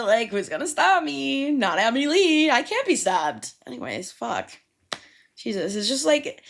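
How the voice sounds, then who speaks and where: A woman's voice: lowish voice, fairly bright tone. A young woman hosting a podcast alone, telling casual stories with a lot of swearing and acted-out quotes. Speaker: podcast host. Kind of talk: solo casual storytelling.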